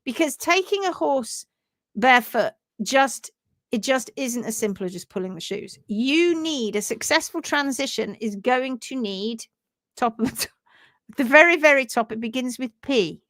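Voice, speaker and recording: Brief: chatty woman, middle-aged, livestream host, slightly high voice, dry recording. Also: expressive, measured pace, fairly bright tone, no echo. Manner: chatty, reads out viewer greetings. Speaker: livestream host and hoof care educator. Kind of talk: casual livestream talk.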